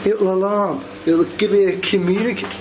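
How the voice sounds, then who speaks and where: A man investigating alone in a pub cellar, calling out to spirits in a coaxing, hushed way while filming himself. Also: high-pitched, steady tone, normal speed, background noise. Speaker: paranormal investigator. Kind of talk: solo ghost-hunt narration. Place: pub cellar with beer kegs. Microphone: self-filmed camera mic.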